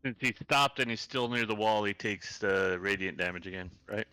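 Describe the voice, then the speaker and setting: Sharp-voiced man checking game rules. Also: on the low side, normal speed, clear, resonant tone, no echo, faint music behind, poor audio. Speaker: player. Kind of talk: casual game chat.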